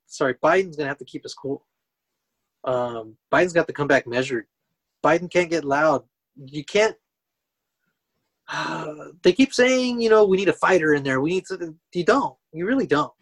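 A man co-hosting a casual political chat. He talks in a measured, even-tempered way and mostly agrees with his partner. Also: on the high side.

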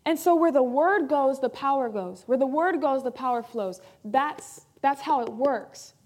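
A woman's voice: sits high, unhurried, a little mellow. A woman pastor preaching a sermon in an earnest, emphatic way, repeating key phrases for weight.

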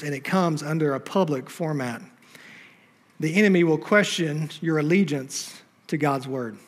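A male pastor preaching from a church stage. His voice sits on the high side of a man's. He drives his points home with emphasis and keeps turning to the congregation with rhetorical questions. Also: a bit bright. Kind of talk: sermon.

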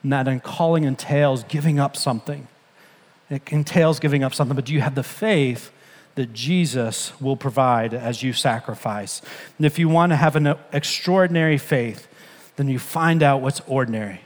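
A man's voice: medium pitch, normal speed, big-room sound. A man preaching a sermon as pastor, emphatic and conversational, retelling scripture dialogue in his own words. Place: church sanctuary.

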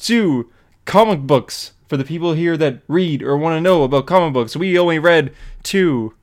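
A man with a fairly high, smooth voice co-hosts a casual comics podcast. He adds short remarks and friendly corrections in a relaxed way. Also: moderate pace. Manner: brief interjections and friendly corrections. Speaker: podcast co-host. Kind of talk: casual comic book chat.

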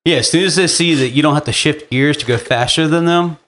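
A man's voice: a little high, fairly quick, a bit bright. Joking, loose-talking young male podcast host. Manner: loose, swearing, joking banter. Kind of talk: casual chat.

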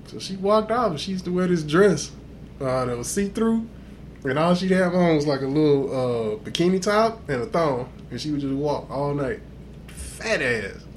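A man's voice: on the high side, moderate pace, a little hiss or hum. A man hosting a podcast, telling wild stories in casual, profane chat and laughing along as he goes. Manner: animated, profane, laughs through his stories. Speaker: podcast host.

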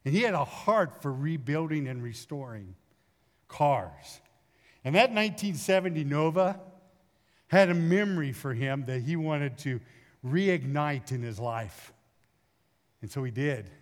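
A middle-aged man, a pastor, preaching a sermon in a folksy storytelling way with lively acted asides. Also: a little high. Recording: long hall reverb.

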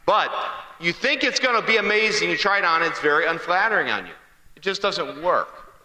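Bright-voiced man preaching in a reverberant hall. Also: high-pitched, animated, fairly quick. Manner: conversational storyteller, asks the crowd questions. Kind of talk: humorous sermon to a congregation.

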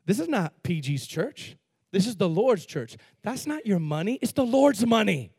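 A man preaching a sermon as lead pastor, emphatic, with sudden loud bursts and slowed-down words for stress. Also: high-pitched, big pitch swings, gravelly, slightly rough, no room sound, studio quality.

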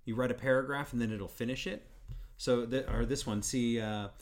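A man chatting casually as a podcast co-host, easygoing and quick to laugh. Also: medium pitch, steady tone. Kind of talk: casual chat.

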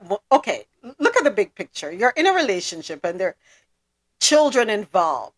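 Animated, laughing woman podcast host. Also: medium pitch, normal speed. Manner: thoughtful, laughs often. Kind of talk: casual podcast chat.

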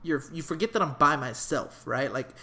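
A man's voice: a little high, lively intonation, moderate pace, sharp tone. Profane, rambling storytelling man. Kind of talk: casual comedic storytelling.

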